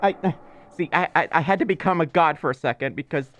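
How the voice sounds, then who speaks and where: Quick-paced and a bit bright at medium pitch, a streamer from Mississippi rambles in relaxed livestream talk, joking and teasing, with a cough left over from being ill.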